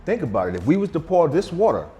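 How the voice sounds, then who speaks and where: A man's voice: a little high, sing-song, quick pace, mellow, faint music behind. A middle-aged man, a vegan chef guest, talking in an emphatic, slangy, boastful way in a casual interview at a restaurant.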